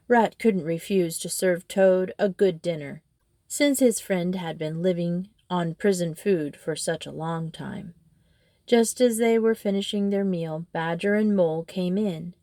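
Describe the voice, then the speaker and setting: Lady reading a kids storybook aloud, low voice, expressive, dry close mic. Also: a little slow, no room sound. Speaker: storybook reader. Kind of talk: storybook narration.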